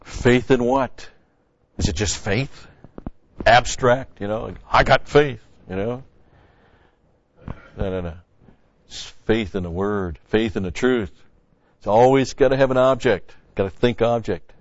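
A man's voice: on the low side, a little slow, long pauses, a little hiss or hum. A man preaching a sermon-style Bible teaching in a conversational, folksy way, repeating key phrases. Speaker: pastor. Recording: dry, dull lo-fi sound.

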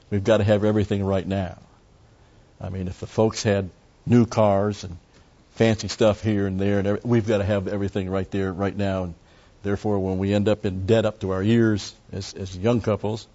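An older man leading an informal Bible study in a rambling, folksy way, slowing down and raising his voice to read verses aloud. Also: on the low side, mellow, muffled recording. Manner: rambling, folksy, with many digressions and "uh" fillers.

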